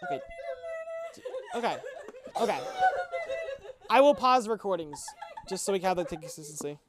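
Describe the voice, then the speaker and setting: A woman's voice: mid-range voice, big pitch swings, moderate pace, heavy background noise. A young woman hosting a podcast, chatting casually and giggling between takes, stumbling over restarts. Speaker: podcast host directing a radio play reading.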